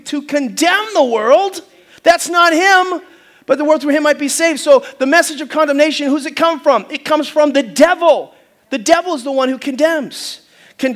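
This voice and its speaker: A male pastor preaching a sermon, telling funny stories, doing voices and calling the congregation to answer back. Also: very high voice. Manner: animated storytelling with funny voices and audience call-and-response; loud preaching bursts.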